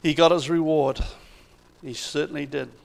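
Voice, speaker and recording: A man preaches a sermon, retelling scripture stories with animated, emphatic delivery. His voice sits a little high for a man and carries a gravelly rasp. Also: moderate pace, poor audio.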